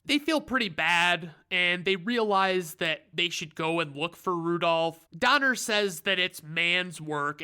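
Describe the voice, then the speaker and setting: A man's voice: fairly high pitch, pushed and bright, clean tone. Sarcastic, profane man recapping a movie. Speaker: reviewer.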